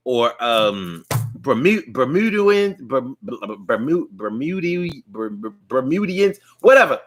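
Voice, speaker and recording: Rambling man with a fairly high voice. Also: fairly bright tone. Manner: rambling, with frequent restarts and filler. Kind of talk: casual monologue.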